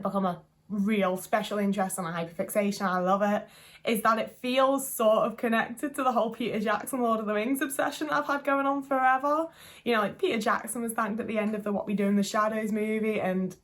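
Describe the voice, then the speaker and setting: A woman's voice: on the high side, a bit bright. A young woman chatting to camera in a rambling, gushing way, swearing casually as she goes. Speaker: vlogger.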